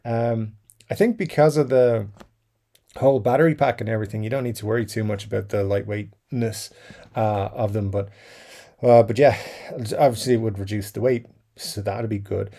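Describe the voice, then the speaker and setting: Guy doing a chill livestream, reading chat, gravelly low-key voice, lots of ums and little laughs. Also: steady tone, moderate pace, warm tone. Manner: rambling, many fillers and chuckles. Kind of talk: casual live-stream chat.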